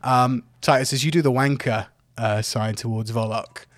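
A man, narrating a tabletop game as game master in a relaxed, laid-back way. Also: medium pitch, normal speed, no echo.

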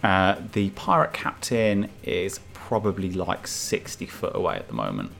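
A man's voice: sits low, huge pitch swings, moderate pace, vocal fry, fairly bright tone, soft background music. A man narrating as dungeon master in loose, filler-heavy descriptions. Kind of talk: narrating a tabletop game.

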